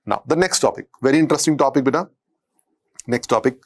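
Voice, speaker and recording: A man with an Indian accent gives a medical classroom lecture, dictating notes and repeating phrases as he teaches. His voice is deep and husky, and he talks fast while pausing often.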